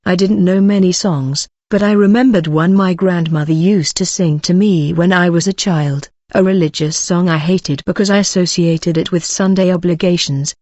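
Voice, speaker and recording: A woman narrating a first-person story in a slow, solemn, scripted way. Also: fairly low pitch, steady tone, a little mellow, no echo.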